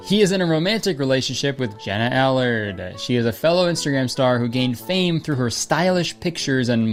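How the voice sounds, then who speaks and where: Sarcastic young Canadian guy, swearing. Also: mid-range voice. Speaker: comedy YouTuber. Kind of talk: comedic vlog commentary.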